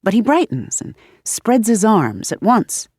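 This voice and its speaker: A woman narrating an audiobook in a measured, expressive reading style. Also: mid-range voice, husky, no room sound, clean studio sound. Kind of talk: scripted narration.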